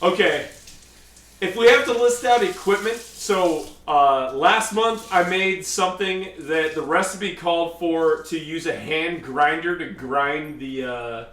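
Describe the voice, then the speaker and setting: A man's voice: on the high side, unhurried, a bit bright. A man hosting a live cooking stream in his kitchen, chatting casually and reading out viewer comments. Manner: chatty, reads out viewer comments, lots of fillers. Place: home kitchen. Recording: echoey room, mic at a distance.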